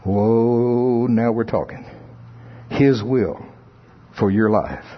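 A man's voice: mid-range voice, fairly even intonation, extremely slow. A man preaching a sermon in a conversational way, sometimes acting out the voices of churchgoers. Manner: conversational, playfully acts out congregants' voices. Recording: dull lo-fi sound.

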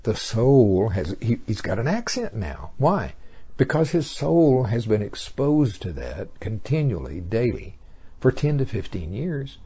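A man's voice: fairly low pitch, very animated, unhurried, dark tone, husky. A man preaching a sermon in a folksy storytelling way, acting out little scenes as he goes. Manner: folksy storytelling, acts out characters.

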